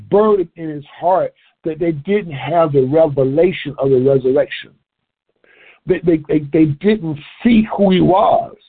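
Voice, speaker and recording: A man preaching a sermon, husky-voiced, who repeats words and restarts phrases as he builds a point. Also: on the high side. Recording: tinny phone-like sound.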